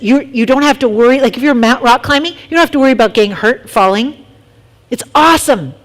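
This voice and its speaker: A woman leading a casual youth talk for middle schoolers, telling lively stories and asking the group questions. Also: fairly high pitch, fast talker.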